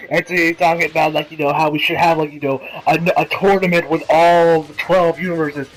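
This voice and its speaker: A slightly high-voiced man talks through an anime episode in a loose, rambling recap. He fills it with "you know" and "um" and laughs often. He slips into quick impressions of the characters as he goes. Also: flat delivery, crowd noise, low-quality recording. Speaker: anime reviewer.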